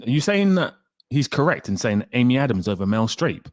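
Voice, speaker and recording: A man's voice: mid-range voice, sing-song, fairly quick, no echo. A man hosting a livestream, chatting casually and animatedly, reacting with exclamations and frequent laughs. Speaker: host.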